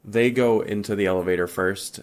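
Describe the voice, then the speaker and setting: A man's voice: on the low side, steady tone, brisk, clear, resonant tone. A man co-hosting a podcast, casually recapping a horror film, swearing freely and hesitating with fillers. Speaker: podcast co-host. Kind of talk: casual movie recap chat.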